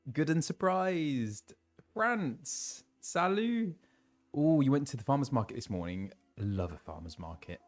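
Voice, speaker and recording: A young British man chatting casually on a live stream and greeting viewers, his voice a little low as he recovers from laryngitis. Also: darkish tone. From England. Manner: chatty, reads out viewers' messages with laughs and fillers. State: recovering from laryngitis, voice lower than usual.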